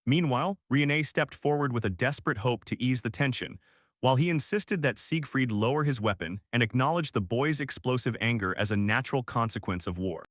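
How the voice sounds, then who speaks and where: A man's voice: medium pitch, fairly quick, fairly bright tone, no room sound. Man narrating a manga recap, dry.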